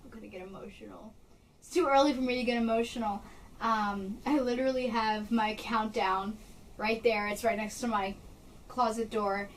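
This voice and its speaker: A bubbly young woman talks excitedly to the camera from her bedroom, gushing and eager. Her voice sits a little high and comes from slightly back from the camera mic. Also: distant mic, slight background noise, rough recording. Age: young adult. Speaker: vlogger. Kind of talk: casual chat to camera.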